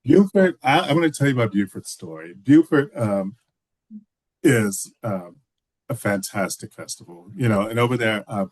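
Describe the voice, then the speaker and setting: A man talking over a video call, his voice sitting low. The sound is dry with no room around it. He tells his stories loosely, restarting and filling with "you know.". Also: expressive, moderate pace, darkish tone, no echo. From Texas. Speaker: filmmaker guest. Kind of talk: casual video call interview.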